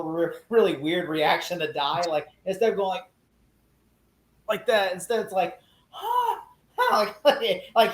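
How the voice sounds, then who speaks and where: A man who is a guest in a casual podcast discussion, telling stories with lively energy and acting out quotes in mock voices. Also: fairly high pitch, reverberant, low-quality recording.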